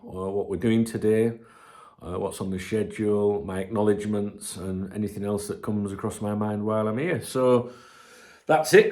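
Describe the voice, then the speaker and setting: A man from the UK hosting a casual morning football vlog at home, chatty and swearing freely, with a chesty cold that has him clearing his throat. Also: medium pitch. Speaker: football channel host. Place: indoors at home. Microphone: camera on tripod.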